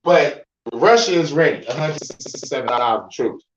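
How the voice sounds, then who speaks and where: A man's voice: fairly high pitch, expressive, moderate pace, dull audio, slight background noise. Profane man reading news, echoey room. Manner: profane, laughing, stumbling reading. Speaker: podcast host. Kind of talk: casual commentary reading news aloud.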